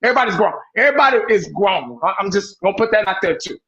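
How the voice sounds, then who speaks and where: A man on a fan panel rambles through a heated argument, cursing and circling back to hammer the same points. His voice sits high for a man. The call audio is dull and lo-fi. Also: expressive, racing, sharp tone. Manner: rambling, impassioned, profane, repeats himself. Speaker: sports podcast panelist. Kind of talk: casual sports talk.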